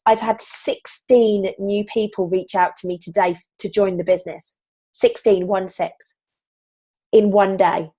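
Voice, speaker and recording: A slightly husky woman, leading a motivational team training on a video call from home, animated and casual, with the odd swear word. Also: medium pitch, measured pace. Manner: animated, swearing, upbeat pep talk. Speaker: team leader.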